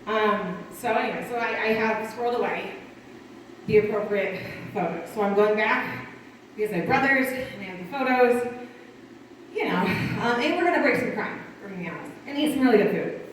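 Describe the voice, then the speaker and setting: A woman in her thirties from Connecticut doing a rambling stand-up set with dark humor and lots of asides. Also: medium pitch, expressive, a little fast, slight background noise. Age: 30s. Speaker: stand-up comic. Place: small live performance venue. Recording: distant echoey room mic.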